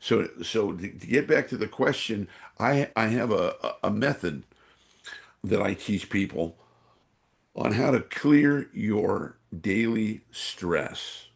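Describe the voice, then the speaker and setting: His lowish, creaky voice is expressive and slow. He's a man from San Francisco, an energy awareness trainer guesting on a podcast, who rambles with many fillers while acting out voices as he tells interview stories.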